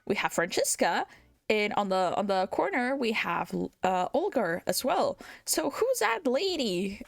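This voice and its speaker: A woman streamer talks through a game's story in an animated, chatty way, laughing often and swearing freely. Her voice sits at a middle pitch, recorded dry and close on a home desk mic. Faint background music plays under her. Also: no room sound. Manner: animated, giggly, swears casually. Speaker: VTuber streamer. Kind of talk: casual game recap.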